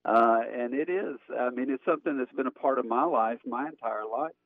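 A man calls in over a thin, phone-like line, the sound dry with no room around it. He tells stories in a relaxed, plainspoken way, like a pastor chatting with old friends. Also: medium pitch, fairly quick, dry recording. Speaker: pastor, guest.

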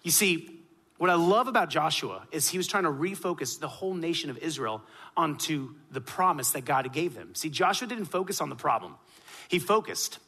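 A man preaching a sermon emphatically, rising to loud peaks and dropping to hushed lines. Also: fairly high pitch.

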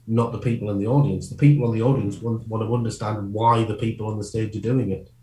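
A man talking as a comedian guest in a casual interview, quick and rambling, often breaking off and restarting his sentences. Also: on the low side, fairly even intonation, dark tone, echoey room.

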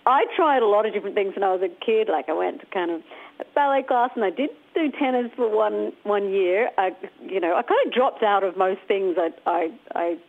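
A woman's voice: medium pitch, brisk. A woman from Australia, a singer guest, chatting and laughing through stories on a radio interview. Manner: giggly, chatty storyteller with lots of fillers. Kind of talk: casual radio interview chat. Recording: tinny phone-like line.

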